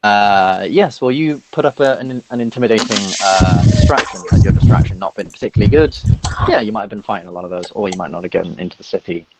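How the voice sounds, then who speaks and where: A man narrating a tabletop game as dungeon master, halting with many fillers. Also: on the low side, very noisy.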